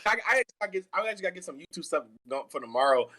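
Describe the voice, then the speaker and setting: A young man telling a long personal story in casual chat, rambling and restarting often, animated. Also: a little high, racing, crowd noise, poor audio. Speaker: guest.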